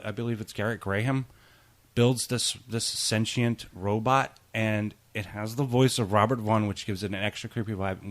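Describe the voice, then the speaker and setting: A man co-hosting a podcast in casual chat, rambling through film trivia with many restarts. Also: fairly low pitch. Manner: chatty, rambling, tosses in goofy impressions. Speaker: podcast co-host.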